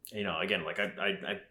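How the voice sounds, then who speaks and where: Low-voiced man telling a rambling, profane story. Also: steady tone, normal speed, sharp tone. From Arizona, USA. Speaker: podcast guest, rifle company founder. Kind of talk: casual chat. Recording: roomy echo.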